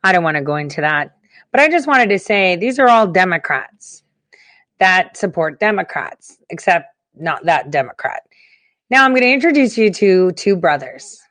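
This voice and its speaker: A woman's voice: fairly low pitch, very animated, moderate pace, fairly bright tone, no echo. A woman host giving casual commentary in a conversational, hesitant way with many fillers.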